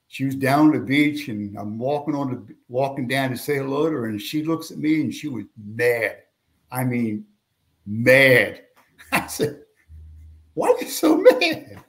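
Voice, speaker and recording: An older man from Pennsylvania, a guest telling lively anecdotes in an interview and raising his voice for quoted people. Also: medium pitch. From Pennsylvania, USA. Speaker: guest, veteran and retired police officer. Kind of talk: storytelling in a podcast interview.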